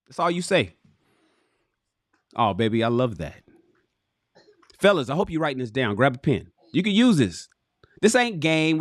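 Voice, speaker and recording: A man hosting a casual livestream, reading a relationship book aloud and commenting to his viewers in an animated, swearing, buddy-to-buddy manner. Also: a little high, no echo. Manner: animated, swearing, addresses viewers as fellas and bro. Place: home.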